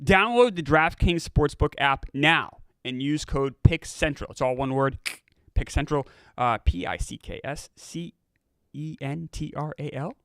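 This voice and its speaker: Male host, casual sports betting talk, bright, dry close mic. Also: a little high, animated, measured pace, no echo. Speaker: gambling show host. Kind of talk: casual sports chat and ad reads.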